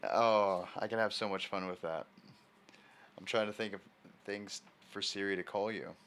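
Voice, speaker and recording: A man's voice: fairly low pitch, steady tone, moderate pace, a bit bright, a little hiss or hum. A man chatting casually on a live stream in a rambling way, answering viewer messages from his desk at home.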